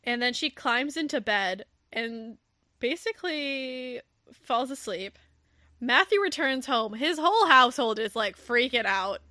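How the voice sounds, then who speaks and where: A woman's voice: on the high side, unhurried, no room sound, studio quality. A woman hosting a podcast, casually recapping a novel and acting out the characters' lines with laughter and swearing. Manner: animated storytelling, acts out quotes, swears and laughs. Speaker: podcast host. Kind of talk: casual book recap chat.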